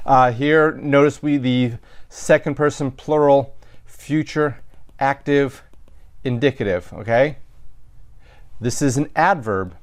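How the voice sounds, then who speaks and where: A man's voice: medium pitch, slow, pauses often. A man teaching a recorded lesson, explaining sentences step by step in a methodical way, with some fillers and self-corrections. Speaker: Latin teacher. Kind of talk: recorded lecture walking through sentences.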